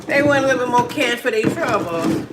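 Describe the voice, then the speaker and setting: A woman's voice: a little high, animated, fairly quick. A woman, chatting casually on a livestream, laughing often and reading viewer comments aloud. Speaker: livestream host. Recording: clicking noise in background.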